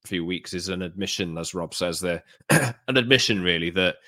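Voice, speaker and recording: A man co-hosting a football podcast in casual chat, talking in a measured way. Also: deep voice, pushed and bright, dry recording, studio quality. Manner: measured, with fillers and restarts. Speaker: podcast co-host.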